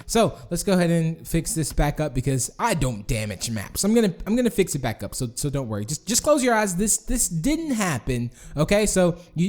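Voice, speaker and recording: A man's voice: fairly high pitch, darkish tone. A man hosting a casual game tour, rambling and self-deprecating, laughing often and restarting his sentences. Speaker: gaming channel host touring community builds.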